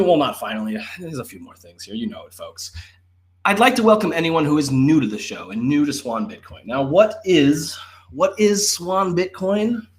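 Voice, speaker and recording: Joking, rambling male show host. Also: fairly high pitch. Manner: jokey, rambling, self-mocking. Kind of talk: playful live-stream show hosting. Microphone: desktop microphone.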